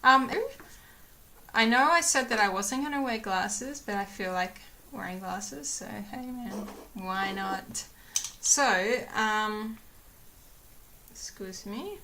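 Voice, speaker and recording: Chatty young woman with a bright voice. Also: medium pitch, slow, a little hiss or hum. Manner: chatty, rambling, many fillers, acts out quotes. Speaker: vlogger. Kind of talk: casual chat to camera.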